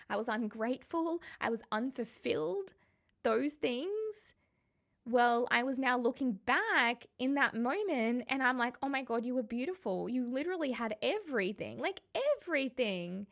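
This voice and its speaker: With a slightly high voice, a woman spiritual coach recounts something personal to the camera. She sounds reflective and sincere in a chatty way, lingering on the emotionally loaded words.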